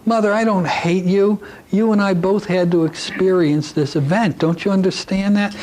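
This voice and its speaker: A tiny, wise child sets a grown-up straight with brisk, gentle reassurance, voiced by a man. The voice sits lifted and bright, firm rather than sweet. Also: sits high, fairly even intonation, voice pushed up, lightly acted. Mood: gently scolding. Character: small wise child, calm and reassuring, like a pixie.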